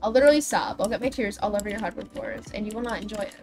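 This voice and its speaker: A woman's voice: medium pitch, rapid-fire, darkish tone. A young woman livestreaming a building game, chatting with her viewers in a dramatic, self-mocking way. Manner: chatty, dramatic, self-deprecating, talks to chat. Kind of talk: casual game stream chat. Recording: faint music behind.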